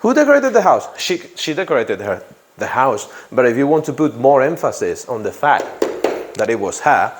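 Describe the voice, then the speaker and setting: A man's voice: medium pitch, huge pitch swings, normal speed, background noise. A man teaching an English grammar class in a classroom, repeating example sentences and asking students questions.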